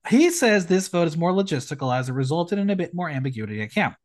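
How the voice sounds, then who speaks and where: Man, podcast host, lively swooping pitch, sarcastic, casual recap chat. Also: fast talker. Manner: sarcastic, animated, recaps the episode and mimics contestants.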